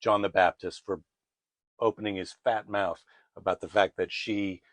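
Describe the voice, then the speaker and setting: A man's voice: sits low, fairly even intonation, normal speed, no echo. Jokey man retelling a Bible story. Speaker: show host.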